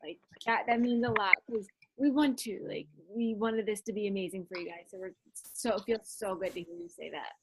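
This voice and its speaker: A woman's voice: medium pitch, a little fast, hardly any pauses, noisy background. A woman co-leading a group video call, chatting casually with lots of fillers and sounding appreciative. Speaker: group co-leader.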